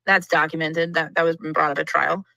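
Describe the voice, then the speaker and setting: Female co-host, lowish pitch, bright tone, dry close sound; analytical livestream chat. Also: flat delivery, normal speed, creaky, no room sound, lo-fi sound. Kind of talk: livestream discussion.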